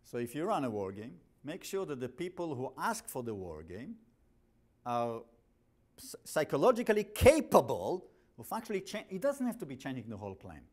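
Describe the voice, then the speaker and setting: A man's voice: medium pitch, huge pitch swings, moderate pace. A man with an accent giving a classroom lecture as the instructor, blunt and jokey, often restarting his sentences. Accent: non-native English.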